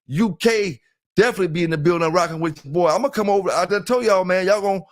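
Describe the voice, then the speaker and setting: Quick-paced and high-voiced, this talkative Southern livestream host from South Carolina chats casually and loosely. He says hello to chat members and keeps dropping "you know what I'm saying."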